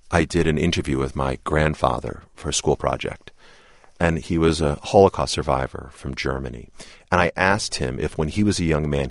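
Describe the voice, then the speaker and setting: Very deep-voiced man, earnest guest. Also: vocal fry, dry recording, clean studio sound. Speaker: interview guest. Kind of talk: measured interview answers.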